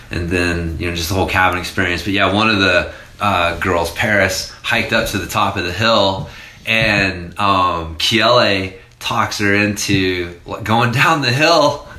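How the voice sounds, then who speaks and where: A man's voice: on the low side, normal speed, echoey room. Laid-back man in his forties swearing. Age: 40s. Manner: animated, laughing, swears freely. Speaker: podcast host. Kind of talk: casual storytelling chat.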